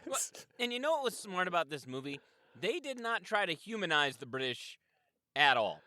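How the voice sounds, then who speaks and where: Bright, lively-voiced male podcast co-host. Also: high voice, normal speed, no echo. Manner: playful and jokey, with big emphatic outbursts. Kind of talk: casual podcast chat.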